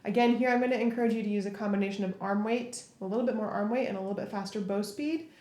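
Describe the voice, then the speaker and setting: A woman's voice: mid-range voice, racing. A woman teaching a viola lesson, talking through bowing step by step between played passages. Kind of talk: instrument tutorial. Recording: echoey room with loud viola playing.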